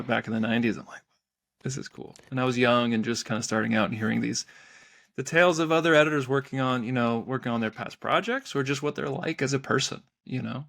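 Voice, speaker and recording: A man co-hosting a podcast, telling workplace stories in a relaxed, chatty way. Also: medium pitch, vocal fry. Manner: chatty storyteller, playful quoted voices. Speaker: podcast co-host. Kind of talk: casual chat.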